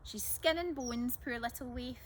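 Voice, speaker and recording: A woman voicing a calm, kind young woman who speaks gently and reassuringly. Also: a little high, unhurried, background noise, lightly acted. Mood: kindly.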